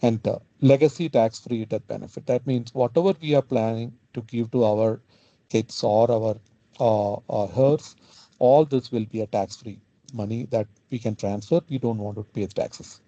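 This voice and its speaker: Guy running a money webinar, slow halting explainer, keeps saying okay?, muffled lo-fi sound. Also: medium pitch, mellow, no room sound. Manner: halting, adds "okay?" after points. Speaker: financial planning webinar presenter. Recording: dull lo-fi webinar audio.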